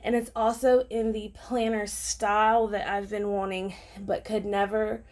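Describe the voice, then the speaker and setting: A woman vlogging an unboxing in a casual, gushing, excitable way, with lots of ums. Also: medium pitch, measured pace. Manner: gushing and excitable, many fillers. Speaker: planner vlogger.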